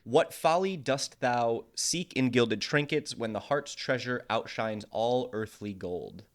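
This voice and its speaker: A man co-hosting a casual podcast, running a quiz and reading lines of verse slowly and dramatically, laughing often. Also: mid-range voice.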